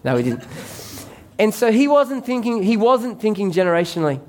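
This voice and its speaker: A man's voice: high voice, very animated, a little fast, darkish tone. A man preaching a sermon as pastor, conversational and joking with the congregation.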